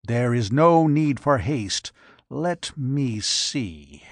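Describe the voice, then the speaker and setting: A man's voice: mid-range voice, expressive, extremely slow, dry recording, clean studio sound, full character voice. A man reading aloud, voicing a brutish, scheming giant who growls blunt, contemptuous lines. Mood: brooding.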